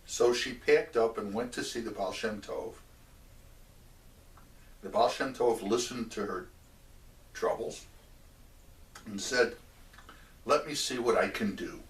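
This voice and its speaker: A man telling a religious story in a measured way, stopping for asides to the listener. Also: lowish voice. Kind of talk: oral storytelling of a religious tale. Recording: roomy echo, mic at a distance.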